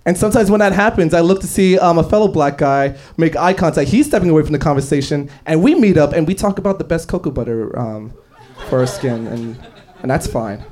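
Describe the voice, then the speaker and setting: Young man, stand-up comedy set, higher-pitched voice, filler-heavy storytelling, club stage. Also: animated, brisk, a little mellow. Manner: storytelling, with frequent fillers and laughs.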